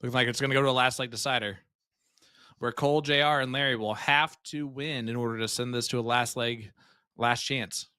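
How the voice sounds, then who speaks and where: A man's voice: mid-range voice, steady tone, fairly quick, sharp tone, clear, resonant tone, no echo, clean studio sound. A man co-commentating a live darts stream, joking and teasing his partner. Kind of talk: live sports commentary, casual banter.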